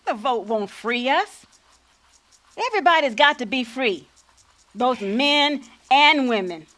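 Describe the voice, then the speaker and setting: A woman's voice: high-pitched, animated, a little slow, a bit bright. A woman playing a spirited older freedom fighter on stage. She tells stories in a folksy vernacular, by turns playful and defiant. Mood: earnest. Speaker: lead actor. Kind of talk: stage acting.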